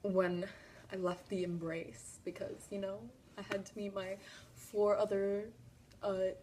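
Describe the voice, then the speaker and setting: A young woman in a casual vlog, excitedly retelling a fan story with lots of "like" and sudden squeals. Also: medium pitch, measured pace, a little hiss or hum. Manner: gushing, breathless retelling with filler "like". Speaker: vlogger.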